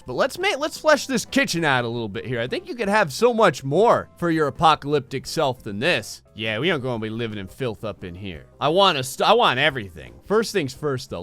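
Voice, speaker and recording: A man casually commentating a video game, excitable and chatty, often talking straight to his viewers. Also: sits high, dry recording. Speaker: gameplay video host. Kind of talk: casual let's-play commentary.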